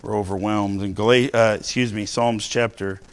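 A middle-aged man preaching a sermon, telling a story from his own life and slowing down to stress key lines. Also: fairly low pitch, steady tone. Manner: storytelling, varies loudness, slows for emphasis.

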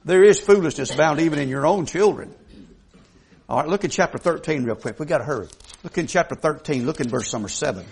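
A man's voice: on the high side, expressive, quick pace. A man preaching a sermon in a folksy, emphatic way, putting questions to the congregation.

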